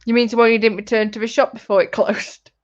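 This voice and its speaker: A woman's voice: on the high side, little pitch movement, quick pace. A woman hosting a casual crafting livestream, teasing her partner and reading out chat comments. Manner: teasing, chatty, breaks into laughter. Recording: dull lo-fi stream audio.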